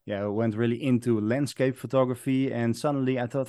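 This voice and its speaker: A Dutch-accented man answers interview questions in a modest, hesitant way, pausing on fillers and laughing lightly. His voice sits at a middle pitch and is recorded dry and close, with no room sound. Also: darkish tone, no echo. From Netherlands. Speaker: guest, night photographer. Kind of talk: casual interview chat.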